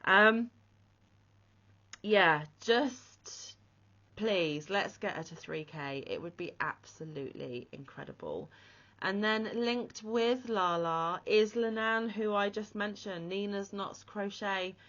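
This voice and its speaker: A woman's voice: medium pitch, unhurried, fairly bright tone. A woman hosting a crochet vlog, talking casually and with heartfelt, emotional praise. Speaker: crochet channel host. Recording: slightly muffled lo-fi audio.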